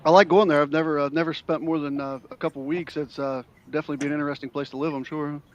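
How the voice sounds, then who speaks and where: This is a man who is a guest on a casual podcast, and he rambles earnestly with many restarts. He talks quickly, his voice sits a little high, and it comes through dull lo-fi remote audio. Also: fairly even intonation, slight background noise. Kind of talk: casual chat.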